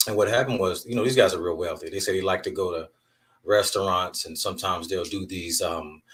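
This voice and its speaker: A man's voice: deep voice, fairly quick, fairly bright tone, recorded from a distance. A man hosting his own podcast, talking candidly and emphatically as he tells stories. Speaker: podcast host. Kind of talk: casual monologue podcast.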